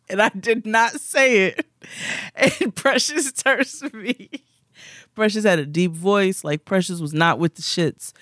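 Animated young man telling stories. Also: sits high, unhurried, no echo, clean studio sound. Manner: animated, rambling, laughs often. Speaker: podcast co-host. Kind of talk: casual storytelling chat.

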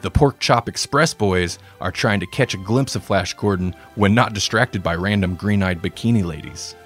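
Man, low voice, relaxed storytelling, comedic narration, faint music behind. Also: moderate pace. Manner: relaxed, self-deprecating asides. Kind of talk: reading a comedic crossover story aloud.

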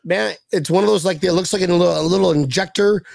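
A man's voice: high-pitched, quick pace, gravelly, darkish tone, dry recording. An American man hosting a podcast, telling rowdy stories in casual chat with swearing and laughter. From United States. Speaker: podcast host.

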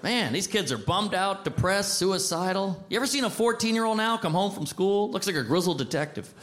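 A man in his thirties doing a stand-up comedy set with a punchy, animated delivery, speaking into a handheld mic on stage. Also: high-pitched, fairly quick. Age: 30s. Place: comedy stage before a live audience.

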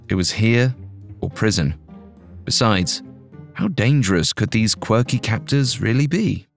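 A man reads a scripted audio drama with measured, dramatic storytelling. His voice is fairly low, and faint music plays behind him. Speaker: narrator.

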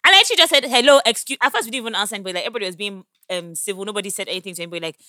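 A woman, telling a story in a casual chat and acting out the quotes loudly. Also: medium pitch, animated, racing, dry recording, clean studio sound.

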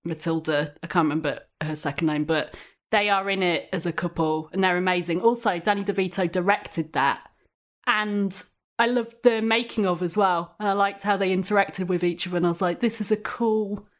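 A woman's voice: on the low side, normal speed. A woman appearing as a podcast guest, chatting casually in an enthusiastic, rambling, giggly way. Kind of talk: casual chat.

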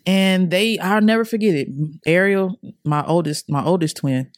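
A woman's voice: lowish voice, lively intonation, moderate pace, no room sound. Earnest young woman, dry close mic. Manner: earnest, repeats herself, casual slang. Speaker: podcast guest. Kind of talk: emotional personal storytelling.

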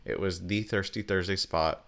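A man co-hosting a pop-culture podcast in casual chat, laughing often and talking in quick asides. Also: low-pitched, steady tone, a bit bright. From Southern California. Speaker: podcast co-host.

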